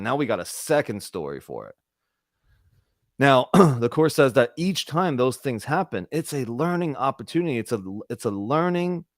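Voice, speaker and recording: A man's voice: mid-range voice, no echo, studio quality. A man hosting an online spiritual discussion group, talking casually and earnestly with repeated, searching phrases. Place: online group video call.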